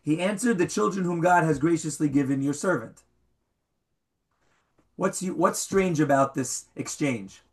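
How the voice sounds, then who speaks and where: A man's voice: fairly high pitch, measured pace, long pauses. A man teaching an interactive Bible class to a small group, questioning his students and reading verses aloud. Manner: animated, questions the students, reads Hebrew aloud.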